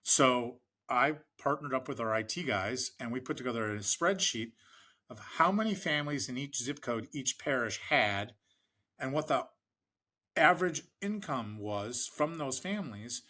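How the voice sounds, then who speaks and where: Man, American, middle-aged, interview guest, rambling storyteller, lots of ums and restarts, acts out quotes, bright tone. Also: medium pitch, animated, moderate pace. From United States. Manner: rambling anecdotes, frequent fillers and restarts, acts out quoted people. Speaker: fundraising expert guest. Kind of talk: conversational storytelling in a podcast interview.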